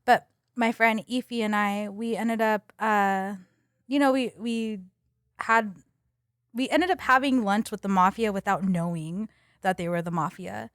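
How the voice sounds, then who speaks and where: A young adult woman, a podcast guest, retelling a story in a casual, animated way with lots of fillers. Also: mid-range voice, unhurried, dry recording, clean studio sound.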